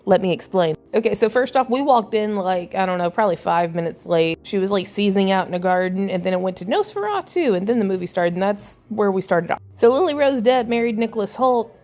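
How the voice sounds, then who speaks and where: A woman's voice: medium pitch, fairly quick, few pauses, a little mellow. A woman giving a casual spoiler-filled movie recap in a crude, sarcastic, irreverent way. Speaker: movie reviewer.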